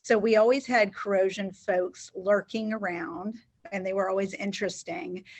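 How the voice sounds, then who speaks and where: Woman, podcast guest, articulate, gracious, relaxed. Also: mid-range voice. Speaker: podcast guest, business owner. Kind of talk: interview answers.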